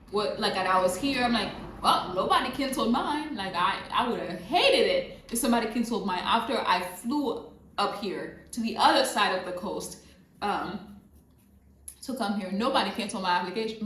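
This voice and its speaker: A woman telling a personal story in a casual vlog, animated, repeating phrases for emphasis, recorded near a road. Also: medium pitch. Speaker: vlogger. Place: near a road with passing cars. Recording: roomy sound with faint traffic noise. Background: passing traffic.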